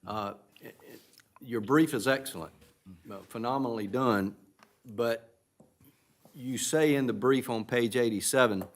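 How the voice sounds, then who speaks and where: Halting man questioning from the bench. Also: medium pitch. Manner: halting, searching, many restarts. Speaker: appellate justice.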